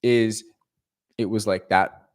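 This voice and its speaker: A man's voice: on the low side, steady tone, slow, clear, resonant tone. A young man on a livestream, casually telling a long, profane story and checking in with his viewers. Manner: rambling, profane, self-interrupting with "right?". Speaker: leasing agent streaming to viewers.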